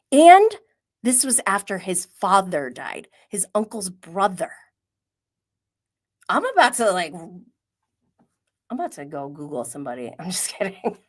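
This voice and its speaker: A woman's voice: mid-range voice, fairly bright tone. A woman hosting a live-stream reality TV recap, chatty and opinionated, often laughing and acting out quoted asides. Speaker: reality TV commentary host.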